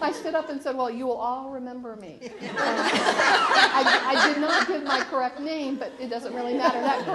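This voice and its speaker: A woman on a panel telling a self-mocking story about her work travels, laughing as she goes. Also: sits high. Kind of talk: anecdote on a panel. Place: conference hall.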